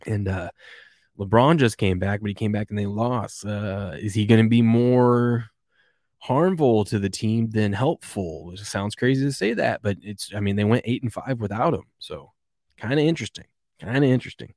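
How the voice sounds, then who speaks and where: In studio-quality sound with no room echo, a man with a fairly low, darkish voice hosts a laid-back morning sports show at normal speed. He rambles and chuckles while reading out viewer comments in casual live chat.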